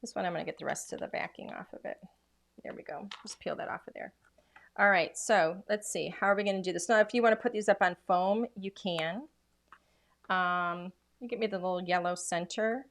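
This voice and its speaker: A woman's voice: lowish voice, fairly quick. Chatty woman demoing craft supplies. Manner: chatty, enthusiastic, lots of fillers. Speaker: craft demonstrator. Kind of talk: casual product demo.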